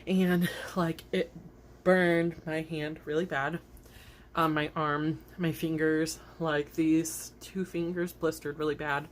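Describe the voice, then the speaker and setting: A woman's voice: low-pitched, little pitch movement, takes it slowly, a little hiss or hum. A young woman telling rambling, giggly stories straight to her camera in a casual vlog, with many "like"s. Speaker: vlogger. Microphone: camera facing her, seen on video.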